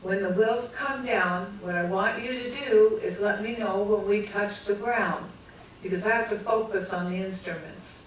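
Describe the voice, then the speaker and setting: A woman voicing her husband, a steady and slightly teasing pilot, as she retells their story. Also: mid-range voice, normal speed, slight background noise, close to an everyday voice. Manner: steady, reassuring, a little teasing. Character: calm, teasing husband flying a small plane. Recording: echoey hall recorded from far off.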